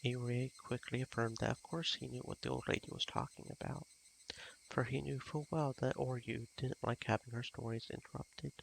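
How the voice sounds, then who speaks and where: A man reading a visual novel aloud as a live stream, in measured, steady storytelling. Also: mid-range voice, vocal fry, slight background noise.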